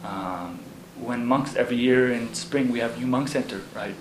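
A Zen monk talks casually about life in the monastery, halting with fillers and laughing as he tells stories. His voice is mid-range, recorded in an echoey room with background noise.

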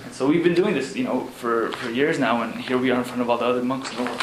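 A man's voice: medium pitch, steady tone. Monk guy chatting, lots of ums, laughs mid-story, roomy echo and noisy background. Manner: halting, many fillers, laughs while telling stories. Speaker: Zen monk. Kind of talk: casual talk about monastery life. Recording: echoey room with background noise.

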